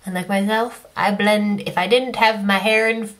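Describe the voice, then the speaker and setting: A woman giving an excited, gushing live reaction to a music video, often cutting herself off. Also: mid-range voice, normal speed. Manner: gushing, excitable, self-interrupting. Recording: faint music behind. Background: faint music.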